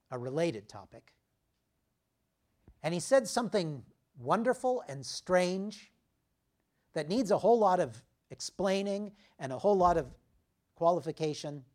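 A man preaching a sermon, emphatic, dropping his voice low for key phrases. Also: darkish tone. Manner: slow, emphatic preaching with dramatic drops in volume.

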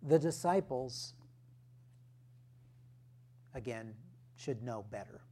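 Man, pastor, sermon, slow and deliberate, emphatic, mid-pitched. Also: animated, mellow. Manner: deliberate, emphatic teaching with rhetorical questions.

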